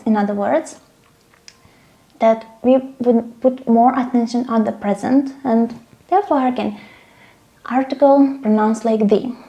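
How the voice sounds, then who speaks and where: Mellow-voiced woman teaching grammar. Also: fairly high pitch, vocal fry. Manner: patient, checks in with frequent "okay?" and "right?". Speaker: English teacher. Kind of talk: grammar lesson.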